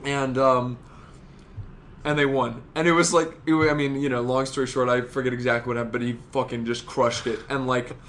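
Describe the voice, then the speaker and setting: Podcast co-host, male, mid-pitched, rambling and excitable, salty language, casual chat. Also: fairly quick, slight background noise. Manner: rambling, excitable, swears a lot.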